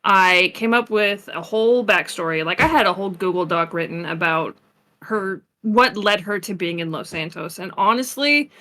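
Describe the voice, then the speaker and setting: A woman guest in a casual chat, telling animated stories and laughing easily. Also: mid-range voice, normal speed. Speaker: guest roleplayer.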